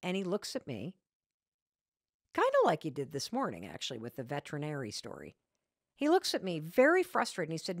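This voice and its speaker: A woman's voice: sits low, sing-song, fairly quick, vocal fry, no room sound, clean studio sound. A woman hosting a podcast, giving a motivational talk and telling her own stories with emphatic, self-mocking candor, repeating her key points. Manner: candid with mild profanity. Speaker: podcast host.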